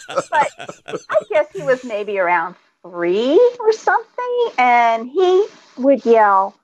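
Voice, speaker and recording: A woman's voice: on the high side, slow pace, dry recording, poor audio. A middle-aged woman, a guest author, chatting casually and telling stories with frequent laughter. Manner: laughs often, animated storytelling. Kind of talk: casual chat.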